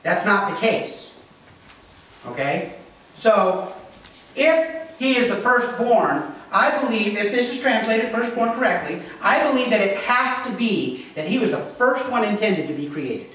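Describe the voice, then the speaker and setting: A man's voice: high voice, expressive, measured pace, a bit bright. A man preaching a sermon as pastor, plainspoken and often checking in with his congregation. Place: church. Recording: echoey church hall recorded from a distance.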